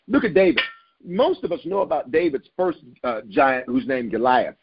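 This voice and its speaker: A man's voice: mid-range voice, very animated, moderate pace, husky, lo-fi sound. A man preaching a sermon as pastor, emphatic, repeating his key lines and calling on the listeners to hear him.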